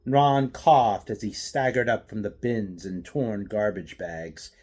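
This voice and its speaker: Slow, expressive male storyteller. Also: fairly low pitch, breathy edge. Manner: expressive, dramatic reading. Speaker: author reading his novel. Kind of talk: audiobook narration.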